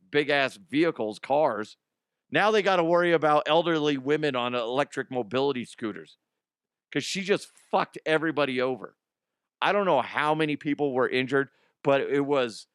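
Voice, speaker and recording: A man's voice: fairly high pitch, a bit bright, smooth, dry recording, clean studio sound. A man hosting a comedic news show, talking in a rambling, profane way with frequent laughter. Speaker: podcast host.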